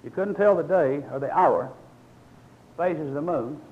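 A man's voice: on the high side, a little slow, phone-quality sound. An older man preaching a sermon, explaining scripture in a folksy, storytelling way and reading verses aloud.

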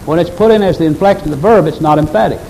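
A man's voice: fairly high pitch, very fast, creaky, warm tone, a little hiss or hum, rough recording. A male pastor preaching a sermon earnestly and emphatically, speaking straight to his congregation.

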